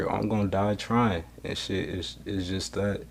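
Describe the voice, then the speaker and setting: A man hosting a solo podcast, talking bluntly with heavy swearing, getting loud when worked up. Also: low voice, flat delivery, normal speed. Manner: blunt, profane street talk. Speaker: podcast host.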